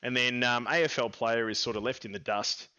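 A man's voice: mid-range voice, steady tone, fairly quick, bright, forceful tone, clear, resonant tone, highs cut off. An Australian man co-hosting a gaming podcast, chatting in a playful, bantering, jokey way. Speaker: podcast co-host. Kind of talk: casual chat.

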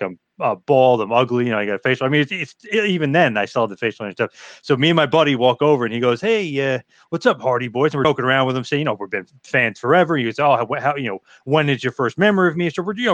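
A man at a mid-range pitch hosts a casual podcast chat. He tells his story quickly and eagerly. His voice sounds dry and close, with no room sound. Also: no room sound. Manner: eager storyteller, fast and animated.

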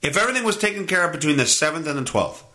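A man's voice: expressive, rapid-fire, bright, forceful tone. A man hosting a casual solo podcast, reading news aloud and ranting about it sarcastically. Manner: sarcastic, ranting, swings up and down in pitch. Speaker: podcast host. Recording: roomy echo.

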